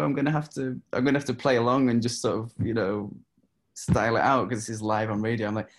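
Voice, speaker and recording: A man from the UK with a lowish voice tells a story in an interview. He acts out the people in it, jumping up into their voices and then settling back down. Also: fairly quick. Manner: lively storyteller acting out the voices in his story. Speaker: singer-songwriter guest. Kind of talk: anecdote in an interview.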